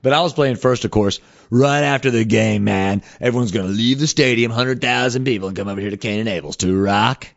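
A middle-aged man, a band frontman telling road stories in a rambling, animated way, full of "man" and "dude". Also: lowish voice, brisk, creaky, highs cut off. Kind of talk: casual storytelling monologue.

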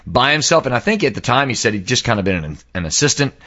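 A man casually telling an animated anecdote, acting out the people in it and singing sound effects. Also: medium pitch, quick pace, highs cut off. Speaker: storyteller.

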